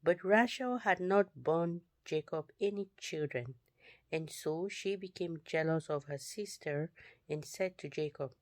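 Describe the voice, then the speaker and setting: A woman reads scripture in a slow, unhurried way, her voice sitting a little low. She sometimes drops into a whisper. The sound is close and dry. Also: darkish tone, dry recording. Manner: slow, deliberate reading that drops to a whisper at times. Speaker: Bible reader. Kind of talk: scripture reading.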